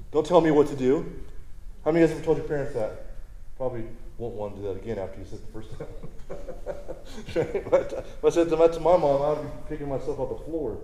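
Man, pastor, casual conversational sermon, mellow tone, echoey hall. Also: medium pitch, fast talker. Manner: conversational, asks the crowd "right?" often.

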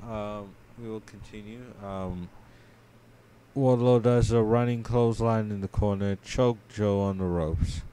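A man co-hosting a podcast, giving a casual play-by-play recap of a wrestling match, sleepy and yawning, his voice trailing off quietly with many ums. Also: lowish voice, smooth. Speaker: podcast co-host.

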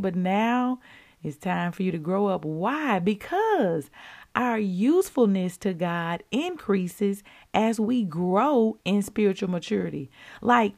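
Lively woman hosting a devotional podcast. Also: mid-range voice, vocal fry. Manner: lively, chatty, calls listeners y'all. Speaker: podcast host.

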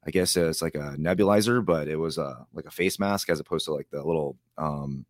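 Speaking a little fast in a very deep voice, this interview guest wanders through his stories, mimicking what others said and laughing along the way. It's a casual storytelling chat, recorded dry with studio quality.

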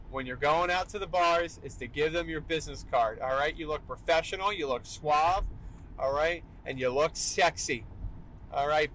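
A man's voice: on the high side, moderate pace, fairly bright tone, a little hiss or hum, rough recording. A young man hosting a solo podcast, talking emphatically and tagging "all right" onto his points. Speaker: podcast host.

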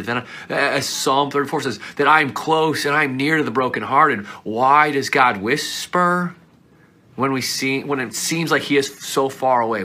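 A male pastor preaching a sermon earnestly, swinging between loud pleading passages and hushed whispers. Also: medium pitch, a little slow.

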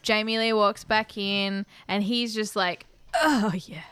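A woman casually recapping a movie with a co-host, sarcastic and quick with quips. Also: medium pitch, level tone, pushed and bright, clean tone. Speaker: podcast co-host.

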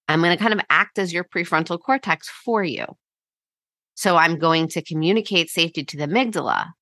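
A woman in her thirties speaks as a podcast guest, laying out parenting ideas in an easy, filler-heavy way. Her voice sits low yet sounds bright and crisp. The recording is dry and close. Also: no echo. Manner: explanatory, frequent "like" and "you know" fillers. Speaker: psychologist guest. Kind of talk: podcast interview.

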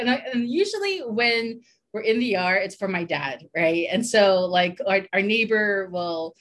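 Woman guest, chatty storyteller, filler-heavy, laughs a lot, mid pitch. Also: lively intonation, moderate pace, fairly bright tone. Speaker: guest telling a personal story. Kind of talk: casual podcast chat.

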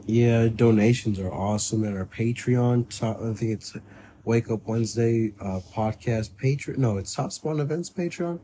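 Laughing young man, mellow voice. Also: mid-range voice, normal speed, a little hiss or hum. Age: young adult. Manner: laughs often, swears freely, joking banter. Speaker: podcast co-host. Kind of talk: casual chat.

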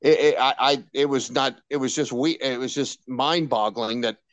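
An older radio veteran tells stories with excitement, stumbling over restarts and slipping into the voices of the people he quotes. His recording is dry and close, with no room sound. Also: medium pitch, moderate pace, no room sound. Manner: animated anecdotes with many restarts and quoted dialogue. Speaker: radio personality guest. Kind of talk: candid storytelling interview.

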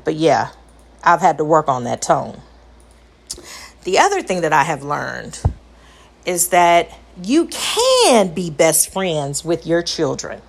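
Earnest mother with a high voice. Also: gravelly. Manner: earnest, emphatic, repeats for stress. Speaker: parent sharing advice. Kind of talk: personal talk to camera.

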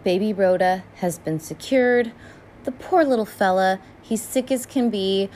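A young woman chatting casually as she reacts to an animated film, rambling with lots of fillers and frequent swearing, sounding tired. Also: medium pitch, measured pace, a little hiss or hum. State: tired and yawning. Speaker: first-time viewer reacting to an animated film.

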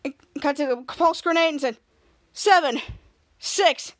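A woman hosting a podcast, retelling a TV episode scene by scene in a halting, repetitive way with frequent restarts. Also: high voice. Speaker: podcast host. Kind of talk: casual episode recap.

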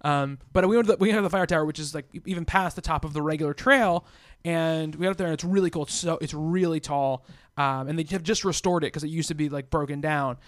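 Man, podcast co-host, fairly high voice, rambling, easygoing, dry close mic. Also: quick pace, no room sound. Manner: easygoing and rambling, many fillers and restarts. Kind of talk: casual chat.

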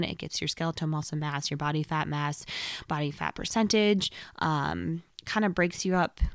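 A young woman coaching fitness in a casual podcast talk, energetic and chatty, sometimes dropping to a whisper for emphasis. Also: fairly low pitch, dry recording, clean studio sound.

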